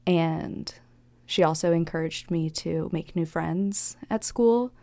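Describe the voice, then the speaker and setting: A woman's voice: fairly low pitch, vocal fry, warm tone, no room sound. A young woman being interviewed about her life, talking candidly and reflectively, often acting out what was said. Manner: candid, reflective, with quick laughs and acted-out quotes. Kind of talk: personal life-story interview.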